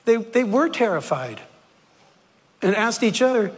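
A man preaching a sermon in a lively, conversational way, often laughing and acting out quoted shouts. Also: high voice, unhurried, long pauses. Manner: animated, acts out disciples' shouts.

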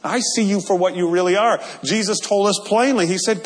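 High-voiced man preaching in a reverberant hall. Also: brisk. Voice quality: earnest, conversational, checking in with "right?". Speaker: pastor. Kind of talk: sermon.

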